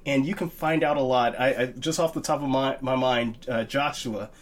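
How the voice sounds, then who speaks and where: A man co-hosting a Bible study podcast in relaxed, casual chat, hesitating with many fillers. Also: medium pitch, normal speed.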